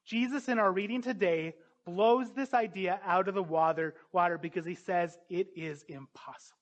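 A man preaching a sermon, earnest and emphatic, building to forceful peaks. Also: high voice, moderate pace, lo-fi sound.

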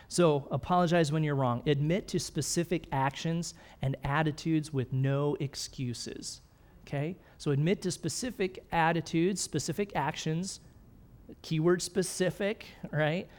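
Middle-aged male pastor, relaxed conversational sermon delivery. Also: on the high side. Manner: conversational preaching, frequent "right?" and "okay?", light laughs.

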